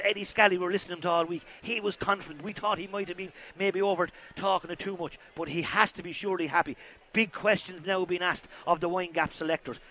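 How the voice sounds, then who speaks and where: An Irish man giving live play-by-play hurling commentary from an outdoor ground, calling the action excitedly and shouting at big moments. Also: high-pitched, fast talker.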